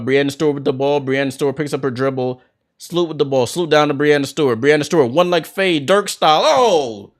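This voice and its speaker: A man hosting a basketball watchalong, calling the plays as an excited fan with sudden bursts of hype. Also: on the high side. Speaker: watchalong host doing play-by-play. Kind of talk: fan play-by-play commentary.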